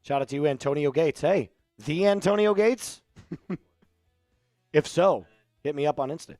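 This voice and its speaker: A man hosting a relaxed live stream, bantering and reading out chat messages. His voice sits a little high for a man. The sound is dry and close, with faint music underneath. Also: moderate pace, dry recording. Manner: joking, reads out viewer chat. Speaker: livestream host.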